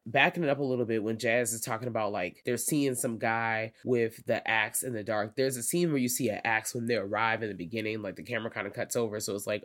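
A man's voice: medium pitch, brisk, few pauses. A man co-hosting a podcast, thinking aloud about a film in casual chat, often stopping to back up and rephrase. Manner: thoughtful, hesitant, backtracks often. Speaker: podcast co-host.

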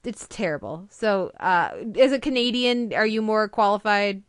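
Chatty young woman with a smooth voice. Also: medium pitch, lively intonation, moderate pace, dry recording, studio quality. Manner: chatty, enthusiastic, frequent fillers and restarts. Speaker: podcast co-host reviewing TV. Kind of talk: casual podcast chat.

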